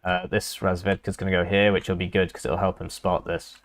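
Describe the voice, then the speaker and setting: Low-voiced casual game caster. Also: male voice, flat delivery, fairly quick. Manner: casual, rambling, filler-heavy. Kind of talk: live game commentary.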